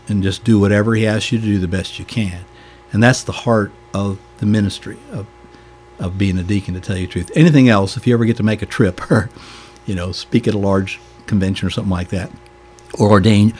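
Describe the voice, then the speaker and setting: A man's voice: on the low side, a little mellow, slight background noise. An older man with a Southern American accent, a deacon telling stories in a folksy, chuckling way during a podcast interview.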